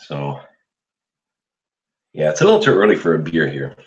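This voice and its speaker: A man with a very deep, low voice hosts a laid-back live session, rambling and chuckling as he talks to his viewers. The sound is roomy and slightly dull, like a lo-fi home recording. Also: huge pitch swings, normal speed. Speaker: livestream host. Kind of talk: casual live chat while shaving.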